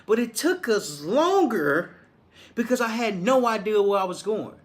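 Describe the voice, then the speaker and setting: A man's voice: sits high, sing-song, a little slow. Repetitive motivational man. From Arkansas, US. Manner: repetitive, preachy, many restarts. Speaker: motivational speaker. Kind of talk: motivational monologue.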